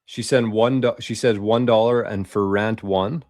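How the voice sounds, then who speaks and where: A man hosting a casual livestream, reading viewer comments aloud in a loose, swearing, chatty way with quick laughs. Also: fairly low pitch, steady tone, a little mellow, no echo, studio quality. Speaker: livestream host.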